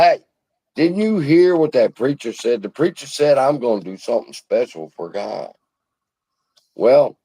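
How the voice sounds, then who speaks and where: This investing channel host speaks in a low, mellow voice on a casual livestream, sitting in a hot room at home next to the air conditioner. He spins a folksy parable with profanity and a preacher's cadence. The audio quality is poor, with no room sound.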